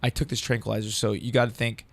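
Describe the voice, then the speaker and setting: Gravelly man telling a story. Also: mid-range voice, quick pace. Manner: animated, profane, acts out quoted dialogue. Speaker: comedian guest. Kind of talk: casual storytelling.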